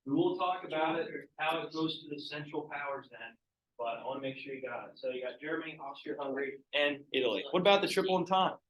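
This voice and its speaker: A man's voice: on the high side, fast, fairly bright tone, a little hiss or hum. A male teacher giving a casual history lecture to a class, asking students questions as he goes. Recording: echoey, distant, muffled classroom recording.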